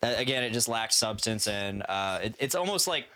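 A man's voice: on the low side, lively intonation, fairly quick, pushed and bright. A man casually telling a rambling, swearing story among friends, often laughing.

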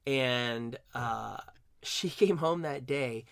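Host, man in his forties, lively storyteller, dry close mic. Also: extremely slow, gravelly, dry recording. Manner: animated storyteller, rises in pitch when excited. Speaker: host, barbershop singer. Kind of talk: conversational interview.

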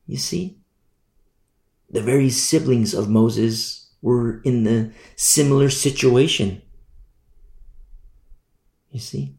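A man's voice: medium pitch, slow pace, gravelly, long pauses, warm tone, echoey room. A man preaching a verse-by-verse Bible study sermon, repeating phrases and asking rhetorical questions. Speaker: pastor. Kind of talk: expository Bible teaching sermon.

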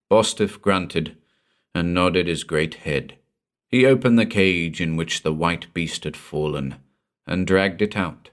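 A male narrator reads a pulp horror tale at a slow, deliberate pace, lingering on each dark detail. His voice is low and deep, and he keeps the suspense with a measured, even delivery. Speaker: audiobook narrator. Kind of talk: dramatic audiobook narration.

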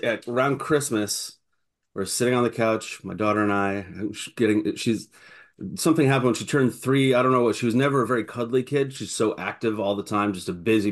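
Podcast guy telling a dad story, trips over his words, mid-pitch voice. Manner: animated storyteller, stumbling restarts. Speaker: podcast co-host. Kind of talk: casual chat.

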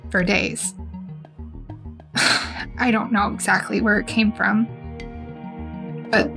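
A chatty female podcast host with a mid-pitched voice who laughs easily. She reads stories aloud in a casual, relaxed way, with faint music in the background. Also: vocal fry. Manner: giggly, chatty.

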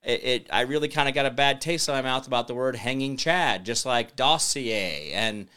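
A man's voice: mid-range voice, normal speed, pushed and bright, smooth. Rambling, sarcastic male talk host. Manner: rambling, sarcastic, reads chat comments aloud. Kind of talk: casual political commentary livestream.

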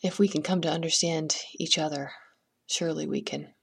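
A woman hosting a podcast, chatting with a guest and gently telling a folktale. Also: deep voice, fairly even intonation, normal speed, vocal fry, slightly rough. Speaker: podcast host and storyteller. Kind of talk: podcast chat and folktale storytelling.

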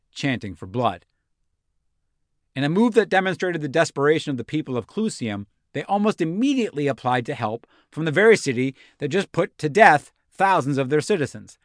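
A man's voice: mid-range voice, dry recording, clean studio sound. A man hosting a history podcast, narrating a scripted story with wry, sarcastic asides. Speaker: podcast host.

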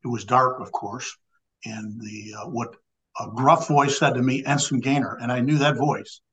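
A man's voice: mid-range voice, fairly even intonation, unhurried, a bit bright, low-quality recording. An older man from Illinois is a podcast guest sharing a personal anecdote. His voice sits in an ordinary mid range. He talks in a loose, rambling way, stopping and restarting often. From Illinois, USA. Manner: rambling, many restarts and filler words. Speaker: guest, former law enforcement official and Navy veteran. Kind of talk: conversational storytelling.

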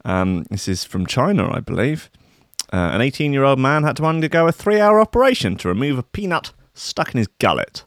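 A man's voice: mid-range voice, expressive, fairly quick, dry recording, clean studio sound. A man hosting a show, chatting in a rambling, profane, joking way. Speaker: show host. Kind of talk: casual chat.

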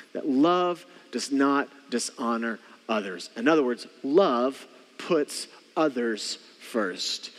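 Earnest pastor preaching in a reverberant hall. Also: male voice, fairly high pitch. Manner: earnest, repeats phrases, drops to soft quiet tones for emphasis. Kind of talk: sermon.

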